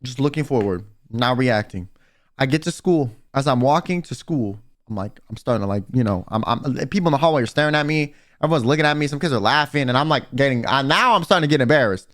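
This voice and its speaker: Animated, profane young man ranting. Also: mid-range voice, fast talker. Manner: profane, animated, casual slang. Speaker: vtuber and livestreamer. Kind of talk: storytime rant.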